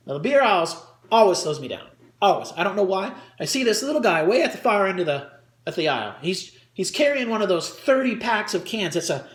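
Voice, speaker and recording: A man doing a stand-up comedy routine for an audience, talking crudely and switching into quick character voices. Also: high voice, a bit bright, reverberant. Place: performance room with audience.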